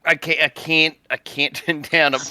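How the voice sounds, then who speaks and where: A man playing a tabletop game, joking with quick, sweary asides. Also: fairly high pitch, little pitch movement, a crowd in the background. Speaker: player. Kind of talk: casual tabletop game chat.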